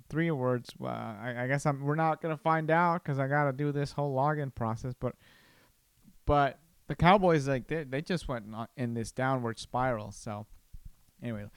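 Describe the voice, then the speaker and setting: A young man talks casually on his podcast, winding through a personal story with restarts and asides. His voice is smooth and resonant at a middle pitch. The sound is close and dry, with no room around it. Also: moderate pace, no echo. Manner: rambling, many restarts and laughs. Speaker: podcast host.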